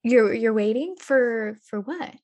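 A woman playing her character in a tabletop game, polite and gentle, often laughing. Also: fairly high pitch, animated, slow. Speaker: player. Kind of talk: tabletop role-play.

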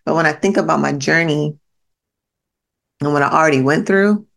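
A woman's voice: deep voice, normal speed, vocal fry, a bit bright. A woman hosting a podcast, giving a blunt, profane motivational monologue that repeats its points straight at the listener. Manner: blunt, profane, pep-talk delivery; emphatic repetition to the listener. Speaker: podcast host.

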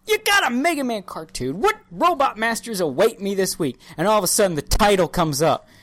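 A woman co-hosting a podcast, telling stories with excitable, profane energy and acting out scenes in little voices. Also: mid-range voice, fairly quick, dry recording. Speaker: podcast co-host. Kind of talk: casual chat, animated storytelling.

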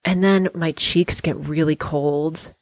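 Low-voiced woman guiding a dreamy visualization. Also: steady tone, a little mellow, no echo. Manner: dreamy, unhurried, invites the listener to picture things. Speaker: host guiding a visualization exercise. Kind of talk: guided visualization talk.

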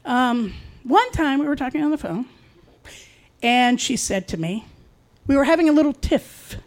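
A middle-aged woman telling a personal true story in a wry, confiding way, with dark humor. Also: sits high, expressive, moderate pace.

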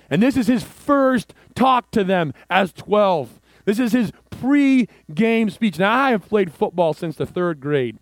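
Guy preaching, high voice, dry close sound, goes from hushed to fired up telling his story. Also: dry recording. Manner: storytelling, swings from hushed to excited. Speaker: pastor. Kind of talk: sermon.

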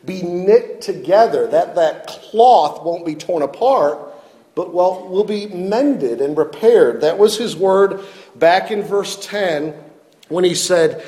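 Pastor in the pulpit: higher-pitched man, earnest and self-deprecating, long hall reverb. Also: lively intonation, takes it slowly, warm tone. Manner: earnest, self-deprecating, repeats words when stressing points. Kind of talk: sermon.

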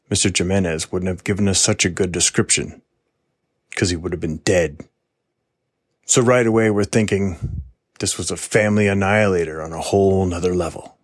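An actor playing a gruff, foul-mouthed veteran police detective who talks bluntly and wearily. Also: male voice, deep voice, no room sound, studio quality. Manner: blunt, profane, world-weary. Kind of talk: true-crime audio drama interview.

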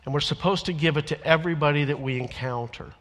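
A man preaching a sermon as a church minister, earnest, rising to loud emphatic lines and dropping to quiet confessional ones. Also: fairly high pitch, fast talker. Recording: long church reverb.

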